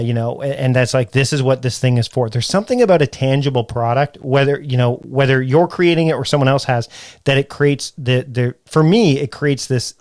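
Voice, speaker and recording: A man's voice: medium pitch, no echo. Male podcast host, casual and meandering, dry close mic. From Canada. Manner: rambling, many restarts and fillers. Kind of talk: casual interview chat.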